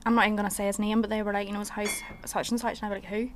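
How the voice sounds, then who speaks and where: A woman's voice: medium pitch, flat delivery, rapid-fire, a little hiss or hum. A woman with a Northern Irish accent, a podcast guest in casual chat, blunt and frank with heavy swearing.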